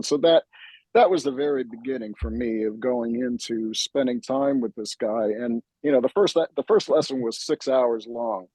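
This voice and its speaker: A man's voice: mid-range voice, dark tone, dry recording, poor audio. A male drummer recalling old lessons in casual chat, rambling with lots of fillers and restarts. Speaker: drummer and host.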